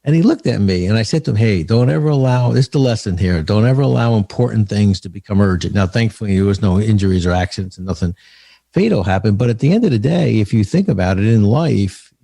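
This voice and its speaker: Low gravelly-voiced man telling stories. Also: animated, fast, warm tone, dry recording, studio quality. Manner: storytelling, earnest, frequent restarts. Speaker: author and leadership speaker, guest. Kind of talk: conversational podcast interview.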